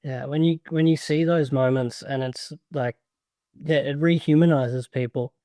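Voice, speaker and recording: A man's voice: fairly high pitch, fairly even intonation, normal speed, mellow, no room sound, clean studio sound. A man, a guest on a podcast, talking earnestly and rambling a little in casual chat. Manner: earnest, rambling, frequent fillers and restarts. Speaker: podcast guest, grower and educator.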